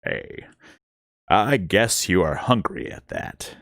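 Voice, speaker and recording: A man voicing a weary middle-aged scientist who mutters slowly to himself, read in a storybook style. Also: sits low, sing-song, vocal fry, fairly bright tone, no room sound, clean studio sound, heavily acted. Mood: sympathetic.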